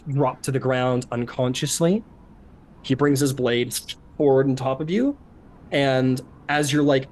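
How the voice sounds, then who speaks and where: A man's voice: medium pitch, darkish tone. A man running a tabletop game as game master, narrating casually with many fillers and restarts.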